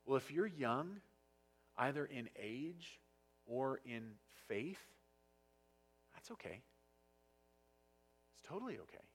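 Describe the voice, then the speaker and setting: A man delivers a sermon in a husky, slightly breathy voice at an ordinary middle pitch. He preaches with passion and now and then gets loud. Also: sing-song, slow pace, pauses often. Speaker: pastor. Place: church sanctuary.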